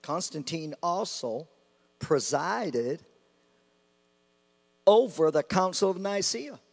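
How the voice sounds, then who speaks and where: A man preaches with slow, deliberate passion, his voice leaping high and dropping low as he repeats his phrases. The sound rings through a large reverberant hall. A faint mains hum sits underneath. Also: expressive. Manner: impassioned, rising and falling sharply, repeating phrases. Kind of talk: sermon.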